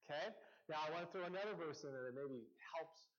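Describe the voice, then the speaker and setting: Chatty male teacher, slightly high voice. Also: fast, dull audio. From US Northwest. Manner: conversational, with frequent fillers and restarts, addressing a live group. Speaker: campus ministry teacher. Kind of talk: casual teaching talk.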